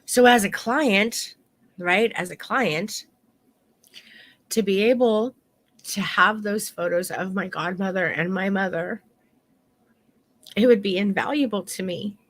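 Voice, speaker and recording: A woman's voice: mid-range voice, takes it slowly, pauses often. A middle-aged woman photography instructor teaching an online course in a heartfelt, candid way, swearing now and then.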